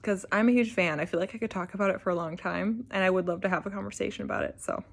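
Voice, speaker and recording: A woman's voice: medium pitch, fairly even intonation, racing, gravelly. A young woman vlogger chatting casually, gushing and rambling with lots of filler words. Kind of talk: casual chat.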